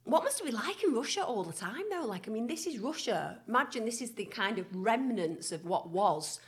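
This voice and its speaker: A woman's voice: a little high, sing-song, fairly quick. Chatty, wry woman. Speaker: podcast co-host. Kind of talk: casual chat.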